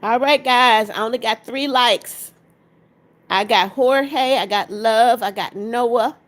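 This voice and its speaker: A woman hosts a casual livestream. Her voice sits a little high. She greets each viewer by name, reads comments out and keeps urging people to tap likes. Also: slow pace, fairly bright tone. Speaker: livestream host.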